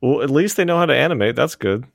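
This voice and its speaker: A man's voice: mid-range voice, expressive, gravelly, dry recording, clean studio sound. A man co-hosting a podcast in casual chat, cracking jokes and swearing casually. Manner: joking, quick with wisecracks, swears casually. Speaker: podcast co-host.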